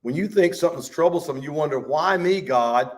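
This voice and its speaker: Animated high-voiced preacher man. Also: a little fast. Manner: animated, rises to shouts and drops low. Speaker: pastor. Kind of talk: Bible study teaching.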